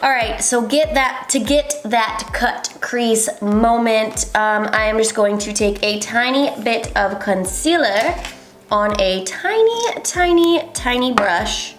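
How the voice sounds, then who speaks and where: In a voice on the higher side, a young woman takes her time with a laid-back makeup tutorial, chatting, rambling and saying um a lot. She's a beauty vlogger, and the room is echoey with soft music playing.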